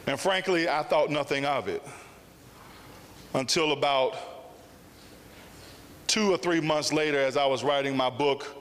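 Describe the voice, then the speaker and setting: A man's voice: fairly high pitch, unhurried, pauses often, a bit bright. Man giving a speech in a reverberant hall. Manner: storytelling with emphatic repetition. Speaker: summit speaker. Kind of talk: public speech.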